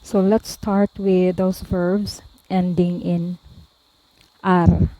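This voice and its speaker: A woman tutor slowly explaining verb forms, pausing often and repeating each one. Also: lowish voice, little pitch movement, mellow, rough recording. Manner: deliberate, repeats each form, frequent "um" and "okay". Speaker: language tutor. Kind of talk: slow explanatory lesson.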